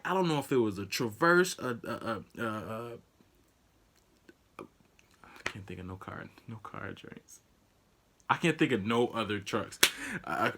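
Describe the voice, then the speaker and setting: Young male vlogger, casual storytelling, lively voice, noisy recording. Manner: animated, acts out quotes with sudden high-pitched outbursts.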